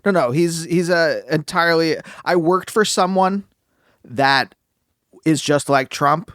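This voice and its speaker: A man hosting a casual podcast interview, short on sleep, speaking haltingly as he searches for his words. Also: on the high side, fairly bright tone, dry recording, studio quality. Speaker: podcast host.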